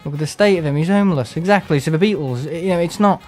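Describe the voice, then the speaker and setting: This English streamer chats casually as he plays, rambling, sarcastic, and putting on voices to imitate people. He talks fast in a rather high, darkish voice, and faint music sits behind him.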